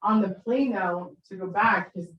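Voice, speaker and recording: A middle-aged woman giving a talk on parenting, telling a story in an animated, conversational way with frequent tag questions. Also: mid-range voice, normal speed, dull audio. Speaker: parenting speaker. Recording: echoey room, distant mic.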